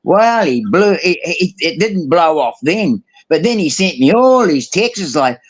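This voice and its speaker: A man's voice: fairly high pitch, sing-song, measured pace, few pauses, slightly rough. A man telling a story in casual chat, slangy and acting out quotes. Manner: colloquial, swearing, acts out quotes.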